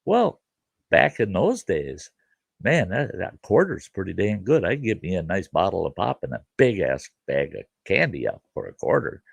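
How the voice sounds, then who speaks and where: A middle-aged man spins a folksy, rambling story in a low, gravelly voice. His pitch swings widely as he talks. The recording is dry and close. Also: sing-song, normal speed, no room sound. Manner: folksy, rambling, with fillers like "you know". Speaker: host and storyteller. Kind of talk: casual spoken storytelling.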